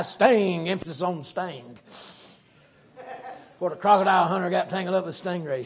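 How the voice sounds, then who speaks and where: A middle-aged man with a Southern US accent preaching a sermon in a folksy, joking, animated way. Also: fairly high pitch, creaky. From Southern United States.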